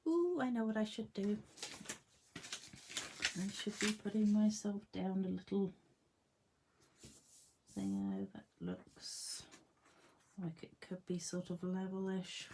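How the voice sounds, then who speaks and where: A woman's voice: mid-range voice, lively intonation, takes it slowly, long pauses, warm tone, a little hiss or hum. A woman demonstrating card making in a casual tutorial at her home craft desk, chatting to herself and her tools and laughing at her own jokes.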